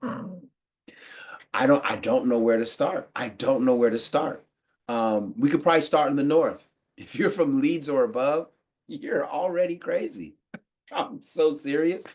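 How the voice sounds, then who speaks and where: An American man giving a casual, slangy monologue to the camera, animated and quick to laugh. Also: mid-range voice. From United States. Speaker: podcast host.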